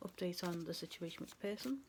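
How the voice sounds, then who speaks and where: A woman's voice: lowish voice, fast talker, a little hiss or hum. A woman doing a casual tarot reading to camera, chatty and rambling. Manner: chatty and rambling, laughs at herself. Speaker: tarot reader.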